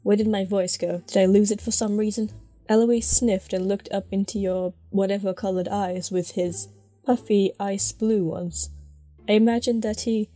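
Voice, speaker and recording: A woman voicing a haughty young aristocratic boy, reading fanfiction in character with sarcastic, exasperated commentary and a husky voice. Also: mid-range voice, warm tone, dry recording, lightly acted.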